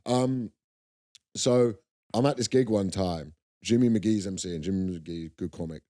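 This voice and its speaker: A man's voice: low voice, a little slow, warm tone. A young man, co-hosting a comedy podcast and telling laid-back stories in slangy casual chat.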